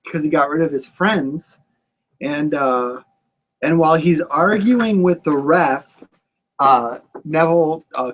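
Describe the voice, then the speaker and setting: A man co-hosting a casual wrestling podcast, recapping matches in a laid-back, rambling way with lots of fillers. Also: a little high. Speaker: podcast co-host.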